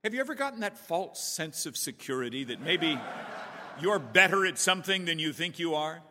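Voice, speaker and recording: Animated high-voiced male preacher. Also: moderate pace, background noise. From California. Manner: animated, playful storyteller. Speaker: pastor. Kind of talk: storytelling sermon. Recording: echoey church hall.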